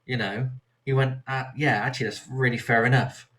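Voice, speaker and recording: A man's voice: medium pitch, steady tone, brisk, a bit bright. A man from Somerset with a West Country accent, hosting a casual chat and telling rambling stories. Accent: West Country English. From Somerset, England. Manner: rambling anecdotes, acts out quoted voices. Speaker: podcast host.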